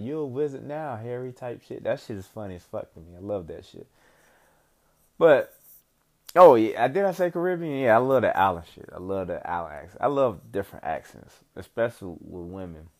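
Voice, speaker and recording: A young man rambling casually about his life, swearing often and leaning on slang and "you know what I'm saying.". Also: fairly low pitch. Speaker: vlogger giving life updates. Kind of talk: casual profane monologue.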